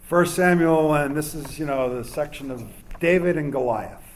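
A man's voice: a little high, moderate pace. A man from New York preaching a sermon to a congregation in a conversational way, with many fillers and asides. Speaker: pastor.

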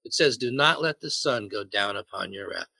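A man with a bright, forceful voice preaches a sermon. He jokes and keeps putting questions to the congregation. The sound is close and dry, with little room echo. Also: lowish voice, lively intonation, moderate pace, vocal fry, slightly rough. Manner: jokey, asks the congregation questions.

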